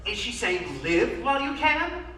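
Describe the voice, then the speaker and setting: A man's voice: extremely high pitch, sing-song, measured pace, pushed and bright, full character voice. An actor playing a wistful musical fan who confides in the audience, rambling as he talks. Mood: musing. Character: wistful middle-aged male musical fan narrating. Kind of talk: stage musical performance. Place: theater stage. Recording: echoey stage from far off with noise.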